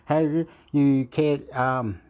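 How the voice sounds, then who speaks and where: A man vlogging into a phone at home, meandering and halting as he searches for words, chuckling often. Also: mid-range voice, fairly even intonation, darkish tone. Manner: meandering, keeps repeating "anyway", chuckles often. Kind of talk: rambling casual chat to camera.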